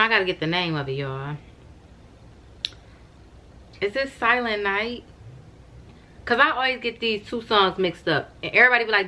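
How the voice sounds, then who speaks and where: Chatty young woman vlogger, bright tone. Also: lowish voice. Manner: chatty, keeps addressing viewers as y'all. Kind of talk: casual chat to camera. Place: at home, wrapped in a robe and blanket.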